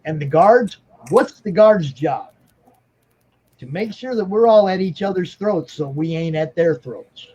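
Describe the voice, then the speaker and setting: A man with a high, husky voice who makes his points emphatically and keeps checking in with "okay?". The recording sounds dull and lo-fi. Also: lively intonation, measured pace, darkish tone. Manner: emphatic, lecturing, repeats "okay?". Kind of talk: casual chat.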